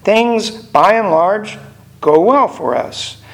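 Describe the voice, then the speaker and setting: An older man preaching a sermon in a measured way, repeating phrases for emphasis. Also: sits high, lively intonation, gravelly, a bit bright.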